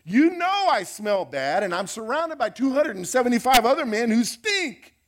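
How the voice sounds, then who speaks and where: A man's voice: very high-pitched, very animated, normal speed, pitched above the performer's own voice. A male pastor playing a weary older apostle who is a shipwrecked prisoner, complaining in an exasperated rant. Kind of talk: sermon role-play.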